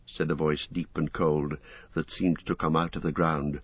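A deep-voiced man with a husky edge narrates a fantasy tale in a measured, dramatic way. The sound is dry and close, yet dull and muffled, like a lo-fi recording. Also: level tone, no echo. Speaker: audiobook narrator.

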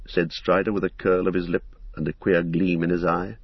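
Male narrator, steady storytelling, deep voice, husky tone, dry close sound. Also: a little fast, no room sound, muffled recording. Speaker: audiobook narrator. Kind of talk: scripted narration.

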